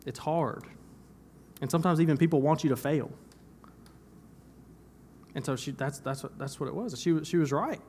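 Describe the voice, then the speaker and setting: Preaching in church, a young man speaks on the high side at a moderate pace, taking long pauses, his tone darkish, with slight hiss or hum present. He keeps it conversational, repeating phrases to stress them and sometimes laughing at himself.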